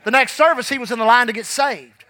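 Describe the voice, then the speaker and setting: Fervent high-pitched male preacher. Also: quick pace. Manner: fervent, rising to shouts; drops low and quiet when telling his past. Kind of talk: sermon. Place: church.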